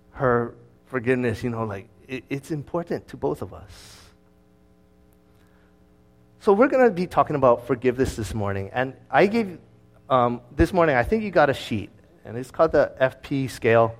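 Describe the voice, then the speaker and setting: A man preaching as a pastor, telling a personal story in a conversational, lively way. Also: mid-range voice. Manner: conversational storytelling, with fillers and restarts; lively, acting out his own past words.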